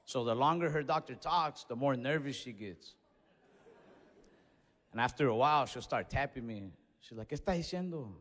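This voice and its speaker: A young man doing a stand-up comedy set on stage, telling stories in an animated way that builds to outbursts. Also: mid-range voice, moderate pace, pauses often, in a large hall. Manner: animated storytelling with escalating outbursts. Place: comedy stage before a live audience.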